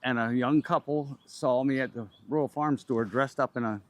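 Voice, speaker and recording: A man speaking as an interview guest, plain and a little hesitant, pausing with "uh". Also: medium pitch, steady tone. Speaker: lodge member, guest. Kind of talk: casual interview.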